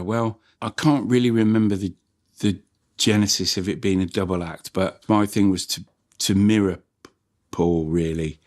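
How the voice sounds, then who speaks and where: A comedy performer reminiscing in an interview, chuckling and slipping into character voices. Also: male voice, sits low, steady tone, normal speed, heavy background noise.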